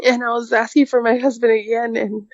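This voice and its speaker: Woman guest telling her story, quiet and halting, lots of likes and ums, kinda dull lo-fi sound, dry. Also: fairly high pitch, little pitch movement, dry recording. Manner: halting, full of "like" and "um". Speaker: podcast guest. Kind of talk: emotional personal storytelling.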